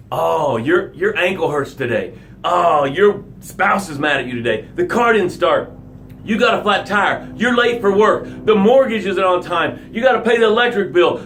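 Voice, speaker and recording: A man hosting a motivational live broadcast, speaking directly to his listeners in short punchy phrases and swinging from loud emphasis to hushed low lines. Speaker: motivational coach and show host.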